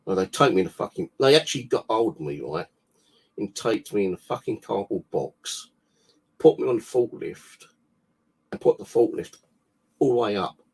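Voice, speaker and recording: A man tells long, rambling stories from his own life, cursing freely and padding his talk with fillers. His voice sits very low and gravelly, with a husky edge. He talks over a video call mic. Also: lively intonation, moderate pace. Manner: rambling, heavy swearing, many fillers. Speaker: guest sharing personal stories. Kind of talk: casual storytelling.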